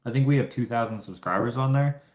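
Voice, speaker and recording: A man's voice: medium pitch, quick pace, a little mellow. A man hosting a casual livestream chat, telling rambling stories with many fillers and restarts. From Canada. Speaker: livestream host. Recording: roomy echo.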